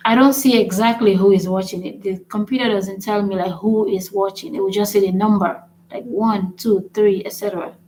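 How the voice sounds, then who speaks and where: A woman of ordinary pitch leads a relaxed live-streamed lesson, chatting away and repeating her example words. She keeps checking in with her viewers, and a faint hum sits behind her voice. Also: fairly quick, few pauses, low-quality recording. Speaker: language learning channel host.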